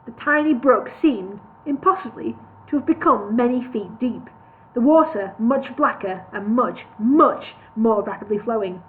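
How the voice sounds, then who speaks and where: A woman narrating a comic fantasy novel aloud, relaxed, with the odd slip and restart. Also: on the high side, unhurried. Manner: relaxed reading with slips and restarts. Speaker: reader of a parody novel. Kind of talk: storybook narration read live. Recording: tinny phone-like sound.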